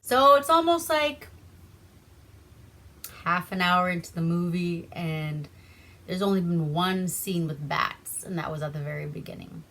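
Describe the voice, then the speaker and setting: A woman from Alaska hosting a casual movie recap. She rambles, swears freely and keeps a deadpan tone. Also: fairly low pitch, unhurried. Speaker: host.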